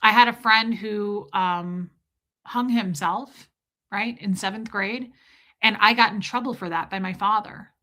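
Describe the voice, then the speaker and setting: A woman's voice: medium pitch, measured pace, bright, forceful tone. A woman talking candidly on her livestream, confessional and emotional, rambling with restarts. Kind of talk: candid personal monologue.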